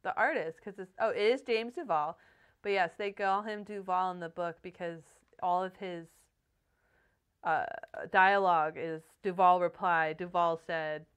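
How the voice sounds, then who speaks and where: A woman's voice: lowish voice, a little slow, clean tone. A woman in her thirties co-hosting a book podcast, chatting casually, swearing freely and acting out the voices in the stories she retells. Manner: animated storytelling, swears freely, acts out quoted voices. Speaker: podcast co-host.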